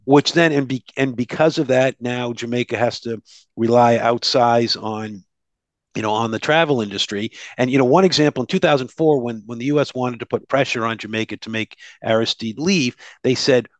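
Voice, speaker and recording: A man's voice: mid-range voice, normal speed, dry recording. A man speaking as a human rights advocate in an interview, explaining earnestly and briefly acting out what others said. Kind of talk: casual interview conversation.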